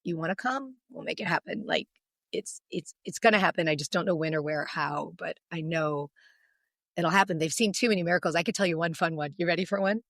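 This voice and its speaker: A woman in her forties, a podcast guest, telling a long, emotional story in an animated, long-winded way. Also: on the low side, brisk, dry recording, studio quality.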